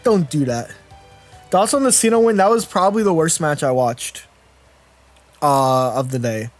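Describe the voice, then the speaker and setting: A young man in his twenties streams a card game and chats along, his voice sitting high for a man. He rambles, trips over restarts and keeps turning to answer his viewers. Faint music runs quietly behind him. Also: lively intonation, moderate pace. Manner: rambling, self-interrupting, chatty with viewers. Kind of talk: casual live-stream commentary.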